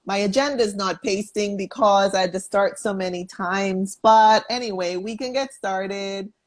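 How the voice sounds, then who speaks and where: A woman's voice: medium pitch, normal speed. A woman from the US East Coast hosting a casual interview over a video call, friendly and a bit scattered. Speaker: host.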